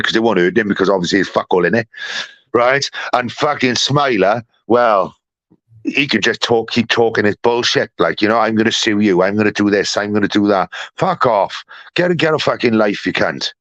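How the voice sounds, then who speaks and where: Furious swearing man ranting. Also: no room sound. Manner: profane, heated, swinging from loud outbursts to low mutters. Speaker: streamer ranting to a live community. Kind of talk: angry live-stream rant.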